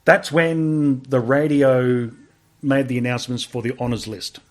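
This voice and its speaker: A man's voice: mid-range voice, unhurried. Aussie bloke on a podcast, casual storytelling, swears a lot, does the voices of people in his story. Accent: Australian. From Australia. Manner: swears freely, animated retelling with quoted dialogue. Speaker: podcast guest, army veteran.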